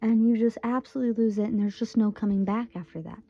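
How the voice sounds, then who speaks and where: A woman's voice: fairly high pitch, fairly even intonation, fast, warm tone, no room sound, lo-fi sound. A woman in her twenties from Michigan, giving a casual, earnest tarot reading and repeating phrases for emphasis. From Michigan, USA. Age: 20s. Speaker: tarot reader.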